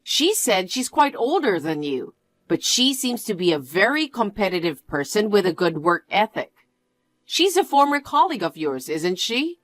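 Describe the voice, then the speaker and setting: A woman voicing a kind, apologetic middle-aged mother in a one-voice story narration, speaking gently. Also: mid-range voice, very animated, moderate pace, dry recording, lightly acted. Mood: concerned.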